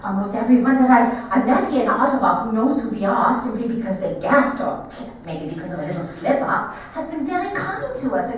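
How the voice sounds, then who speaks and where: A woman in a one-woman stage show voicing a stubborn, warm German-Jewish mother with a German accent, lively and pleading. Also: a little high, a little fast, hardly any pauses, slight background noise. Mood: exasperated. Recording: echoey theater from far off.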